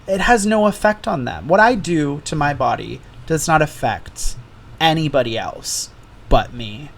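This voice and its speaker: A man's voice: a little high, expressive, a little slow, gravelly. A man hosting a podcast alone, telling candid stories in casual chat and swearing freely. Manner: candid storytelling, heavy swearing. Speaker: podcast host.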